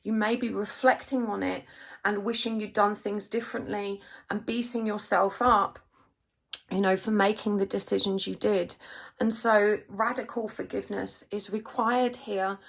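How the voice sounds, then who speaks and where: Woman, tarot reader, gentle and reassuring, creaky voice. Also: medium pitch, steady tone, normal speed. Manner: soft, reassuring, emotional at times. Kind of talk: gentle spiritual reading to camera.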